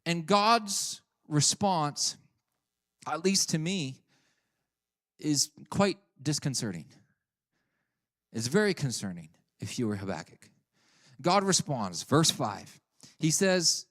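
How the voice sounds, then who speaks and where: A male preacher delivers a sermon in a fairly high voice. He reads scripture aloud and acts out the prophet's pleas with animated, theatrical energy. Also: normal speed. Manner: animated, voices Habakkuk's complaints dramatically.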